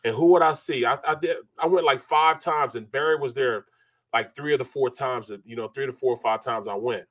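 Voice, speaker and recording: A man's voice: medium pitch, fairly quick. A middle-aged man hosting a sports talk show, speaking in a loose, rambling way with lots of "you know" and restarts. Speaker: sports radio host.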